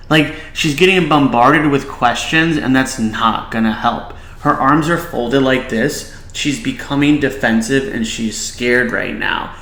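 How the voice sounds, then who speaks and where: A man's voice: medium pitch, unhurried, fairly bright tone, roomy sound, rough recording. A man, a child behavior specialist, giving casual reaction commentary and advice, with many filler "likes".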